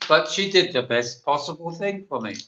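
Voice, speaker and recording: Chatty older Englishman, bright tone. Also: a little high, animated, normal speed, echoey room, dull audio. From England. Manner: chatty, rambling storyteller. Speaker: panel guest. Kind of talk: livestream panel chat.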